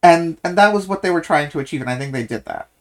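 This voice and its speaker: Halting podcast co-host, full of restarts. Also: medium pitch, animated. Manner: halting, many restarts and self-corrections. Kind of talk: casual book discussion.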